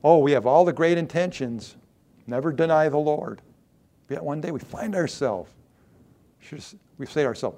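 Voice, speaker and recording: A male pastor preaching a sermon, reading scripture aloud with dramatic quoted lines and dropping to a low, earnest voice. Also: moderate pace, dark tone.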